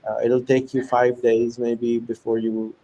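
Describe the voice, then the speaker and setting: A man of middle pitch hosts a casual conversation. He talks emphatically, often repeating phrases to drive a point home. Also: completely flat delivery, measured pace, warm tone, highs cut off. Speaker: host.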